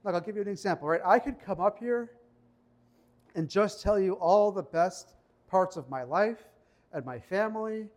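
A male pastor giving a conversational sermon in church, slowing down to read scripture. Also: high voice, darkish tone. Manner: conversational preaching, reads scripture slowly.

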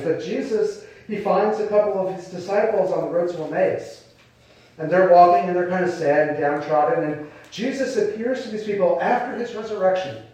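A pastor with a voice high for a man preaches in a relaxed, conversational way, now and then slipping into quoted voices. The mic sits far off, so he's heard from a distance in a strongly echoing hall.

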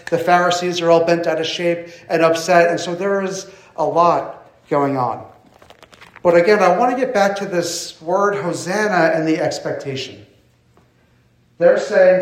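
Male pastor, slightly high voice, conversational sermon delivery; very reverberant hall, distant mic. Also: unhurried. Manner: explains scripture in a casual, conversational way with rhetorical questions. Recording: very echoey room, voice from a distance.

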